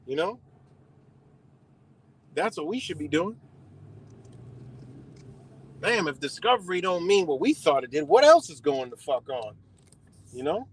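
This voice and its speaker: A man's voice: a little high, sing-song, unhurried, long pauses, husky. A man, ranting profanely and rambling through a casual livestream while he drives his car. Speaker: livestream host.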